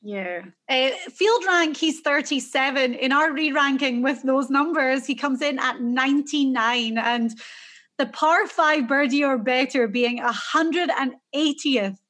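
A woman with a Scottish accent chats about golf picks in an easygoing, conversational way. Her voice sits high for a woman. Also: unhurried, a bit bright. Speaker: co-host. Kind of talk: casual golf betting chat.

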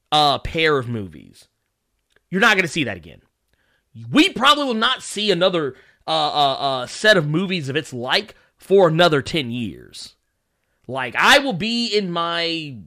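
This is a man in his thirties with a fairly high, bright, forceful voice, hosting a casual livestream. He rants with plenty of profanity and laughs often as he reacts to chat.

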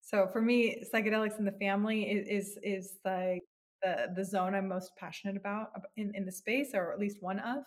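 A woman's voice: medium pitch, steady tone, normal speed. A woman in her thirties, a psychotherapist, speaking earnestly and reflectively as a podcast guest, often restarting her phrases. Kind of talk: podcast interview.

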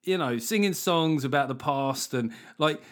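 A man with a fairly high voice speaks at normal speed while hosting a podcast. His casual chat is loose, full of free swearing, and he often restarts his sentences.

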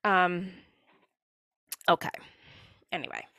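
A woman's voice: on the low side, lively intonation, takes it slowly, creaky, sharp tone, no room sound, clean studio sound. A woman hosting a casual podcast, telling sarcastic stories with bursts of laughter. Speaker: podcast host. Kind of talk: casual chat.

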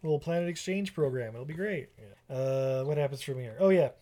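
A man's voice: fairly high pitch, lively intonation, fairly quick, warm tone. A man co-hosting a podcast, rambling and laughing through a casual, comedic movie recap. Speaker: podcast co-host.

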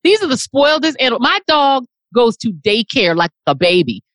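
A woman co-hosting a casual chat, telling playful, animated stories. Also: fairly high pitch, a little fast, no room sound, low-quality recording.

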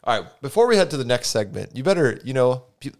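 A man's voice: medium pitch, sing-song, fast talker. A young man hosting a casual podcast chat, laughing often as he runs the segments. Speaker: podcast host.

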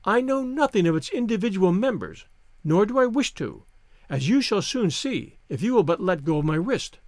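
A man's voice: high-pitched, big pitch swings, no room sound, clean studio sound. A man voicing a fiery teenage girl. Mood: cool. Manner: scornful, quick-tongued.

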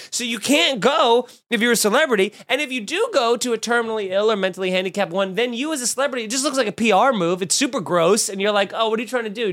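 A man's voice: extremely high pitch, a bit bright. Sarcastic crude-talking podcast host man. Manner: sarcastic, crude, mock-outraged. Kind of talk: comedic podcast rant.

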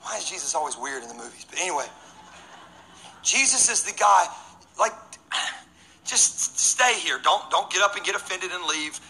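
A man preaching as pastor, energetic and joking, swinging between loud and hushed lines. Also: high-pitched, normal speed, creaky, long pauses, poor audio. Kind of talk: sermon.

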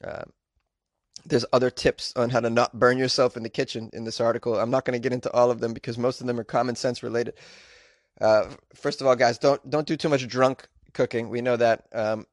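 A man's voice: mid-range voice, flat delivery, brisk, no echo, clean studio sound. A man hosting a podcast, reading news stories and riffing on them with jokey, rambling asides. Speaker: podcast host. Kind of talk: casual news commentary podcast.

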